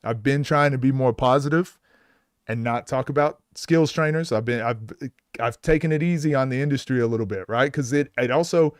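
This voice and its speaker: A man's voice: medium pitch, brisk, smooth, dry recording, studio quality. A man coaching basketball, giving blunt, exasperated live commentary and restarting his sentences often.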